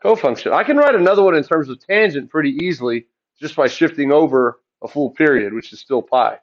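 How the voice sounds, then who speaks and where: A man teaching a math lesson, asking the class questions and answering them himself in a relaxed, chatty way. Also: a little high, a little fast, lo-fi sound. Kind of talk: classroom lecture.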